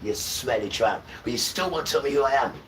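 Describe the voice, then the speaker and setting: Male streamer, preachy ranting monologue, bright tone, distant mic with light ambient noise. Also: mid-range voice, animated, fairly quick. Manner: preachy, repeats "right?" to viewers. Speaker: livestreamer.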